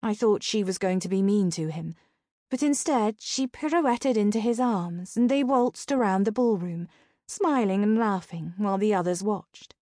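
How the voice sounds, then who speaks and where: A woman narrating a first-person novel in a dry, deadpan manner. Her voice sits mid-pitch and is recorded close and dry. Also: moderate pace, no echo. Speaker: audiobook narrator.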